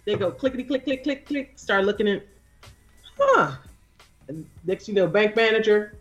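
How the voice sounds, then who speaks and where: A woman's voice: medium pitch, normal speed, faint music behind. A woman co-hosting a casual chat show, telling stories and acting out the people in them. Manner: animated, acts out quoted voices. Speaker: co-host.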